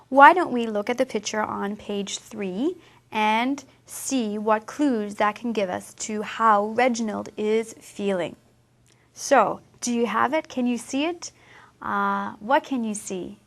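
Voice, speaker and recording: A woman English teacher walks young learners through a picture book. She speaks slowly and asks many questions. Her voice sits a little higher than most. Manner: slow, warm, questioning teacher talk.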